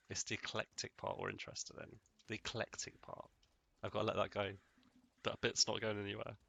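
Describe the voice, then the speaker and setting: A man's voice: lowish voice, creaky, dry recording. A man giving casual, rambling, jokey commentary while playing a video game on a close mic. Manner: rambling, jokey, deadpan asides. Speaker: let's play host.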